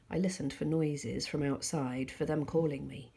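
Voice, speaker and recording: A woman teacher reading a novel aloud to pupils in a steady, calm storytelling voice. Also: deep voice, normal speed, vocal fry, few pauses, husky.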